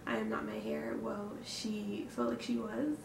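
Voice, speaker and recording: In her personal vlog, a young woman opens up to camera, candid but hesitant, sighing, using fillers and breathing hard from nerves. She speaks a little slowly in a fairly high, creaky voice with a level tone, recorded in an echoey room on a distant mic amid background noise.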